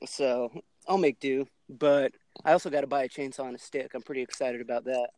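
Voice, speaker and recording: A man from Ohio co-hosting a podcast, chatting easily with a few halting restarts. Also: medium pitch, fairly even intonation, a little mellow, no room sound. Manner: easygoing, chatty, a little halting. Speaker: podcast co-host. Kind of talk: casual chat.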